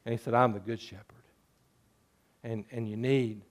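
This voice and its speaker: A man's voice: medium pitch, steady tone, normal speed. A man preaching a sermon, moving between earnest scripture reading and playful jokes with sheep bleats. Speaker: pastor.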